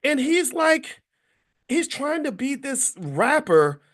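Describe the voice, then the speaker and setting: A man's voice: very high-pitched, slow. A man in his fifties talking casually to viewers, telling stories and acting out the voices of people he quotes, with many restarts. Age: 50s. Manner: animated storytelling, acts out quoted voices, frequent restarts. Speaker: commentator.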